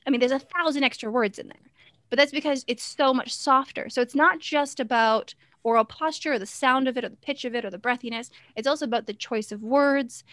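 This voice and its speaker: A woman's voice: sits high, fairly bright tone, no room sound, clean studio sound. Staccato, teacherly woman performer. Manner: staccato, teacherly rhythm with abrupt pauses. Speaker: character performer. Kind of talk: interview conversation.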